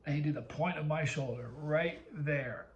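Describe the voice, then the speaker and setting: A man's voice: a little high, moderate pace, echoey room, lo-fi sound, a little hiss or hum. A man hosting his video channel, telling a rambling story to the camera and cutting himself off mid-sentence. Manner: rambling, self-interrupting storyteller. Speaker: video host.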